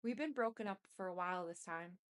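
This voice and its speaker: A woman's voice: lowish voice, brisk, clean tone, lightly acted. A woman reading out the lines of a manipulative, pleading man in her own voice. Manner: read out plainly in her own voice.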